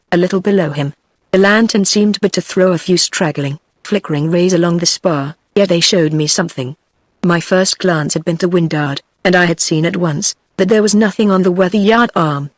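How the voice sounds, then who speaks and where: A text-to-speech woman's voice with a British English accent, reading a novel aloud in an even, synthetic way. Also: lowish voice, no echo. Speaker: audiobook narrator.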